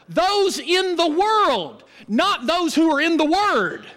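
High-voiced preacher in an echoing hall. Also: male voice, takes it slowly, few pauses. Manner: call-and-response preaching, animated and emphatic. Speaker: pastor. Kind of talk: sermon. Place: church.

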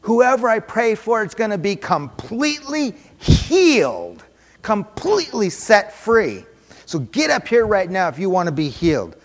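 A man acting out a fervent man, shouting excitedly. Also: high voice, a little slow, long reverb tail, pitched above the performer's own voice, full character voice. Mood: fired up. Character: fervent grown man praying at a mission.

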